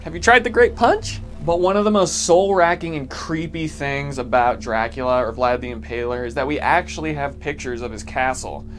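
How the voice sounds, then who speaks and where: A man's voice: medium pitch, moderate pace, hardly any pauses, soft background music. A man narrating a history vlog, joking and irreverent between facts. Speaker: video essay host.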